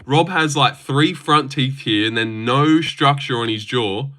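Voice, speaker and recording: Blunt man with a bright voice. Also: mid-range voice, unhurried. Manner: blunt, opinionated, swears, reads chat aloud; says he is using a fake voice. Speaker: streamer answering chat. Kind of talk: casual live-stream chat.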